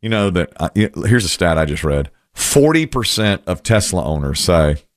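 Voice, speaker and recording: Deep-voiced chatty man, dry close mic. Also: sing-song, normal speed, dry recording. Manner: chatty, rambling, wry asides. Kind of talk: casual radio-style chat.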